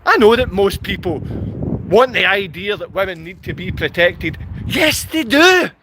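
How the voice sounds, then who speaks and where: Speaking at normal speed in a high-pitched, fairly bright voice with a little hiss or hum, a Glasgow vlogger angrily rants straight to camera. He's furious, throwing insults and saying the same things over and over.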